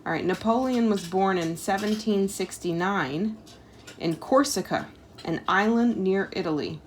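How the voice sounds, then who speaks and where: A woman's voice: mid-range voice, measured pace, a little hiss or hum. A woman, reading a history book aloud at home and chatting about it with her child, with casual asides and lots of "like" and "um". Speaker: homeschool parent reading a history lesson.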